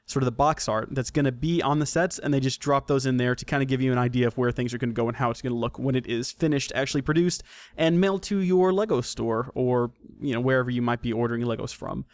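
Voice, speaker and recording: A man's voice: medium pitch, fast talker, dry recording. A man hosting a casual solo podcast, rambling, self-correcting and joking as he goes. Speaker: podcast host.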